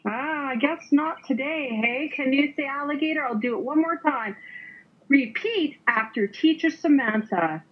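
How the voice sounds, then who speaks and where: A woman teaching English to a young learner over a video call, speaking slowly with exaggerated, sing-song cheer and playful sound effects. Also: sits high. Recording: muffled lo-fi online call audio.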